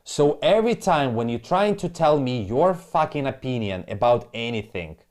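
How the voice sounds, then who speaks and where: A man's voice: medium pitch, expressive, normal speed, a little mellow. A man on a live crypto trading stream who walks through price charts. He rants angrily with lots of swearing and repeats himself, in broken, non-native English. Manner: angry, profane, repetitive ranting.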